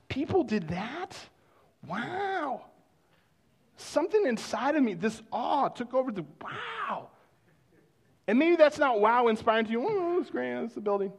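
A male pastor preaching a sermon in a conversational storytelling way, dropping to hushed exclamations of wonder. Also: very high voice, big pitch swings, moderate pace, slightly rough.

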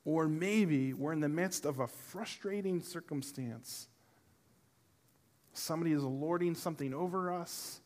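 Preaching at a church service, a middle-aged man with a voice on the high side speaks a little slowly. His personal story starts out humorous and animated before shifting to a gentler, earnest tone for the congregation.

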